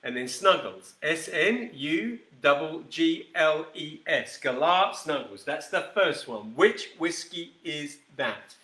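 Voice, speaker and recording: A man's voice: on the high side, lively intonation, slow, hardly any pauses, bright, forceful tone, roomy sound. A man hosting a live whisky show, chatting casually with viewers by name and rambling as he demonstrates a cocktail. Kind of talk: casual live-stream chat and cocktail demo.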